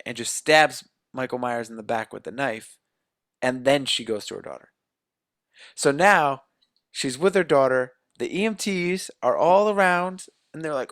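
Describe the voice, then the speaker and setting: A man co-hosting a podcast, excitedly retelling a film plot and acting out the characters' lines in a casual chat. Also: medium pitch, measured pace, no room sound, studio quality. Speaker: podcast co-host. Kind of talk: casual movie recap.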